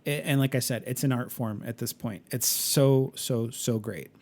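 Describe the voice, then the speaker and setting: A man's voice: mid-range voice, moderate pace, a little mellow. A man co-hosting a podcast in casual chat, enthusiastic, laughing often and stumbling over fillers and restarts. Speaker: podcast co-host.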